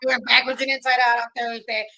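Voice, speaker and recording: A woman hosting a casual live chat, her voice sitting fairly high. She talks bluntly and sarcastically, swearing freely and building to loud outbursts. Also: level tone, fast talker, vocal fry. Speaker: livestream host.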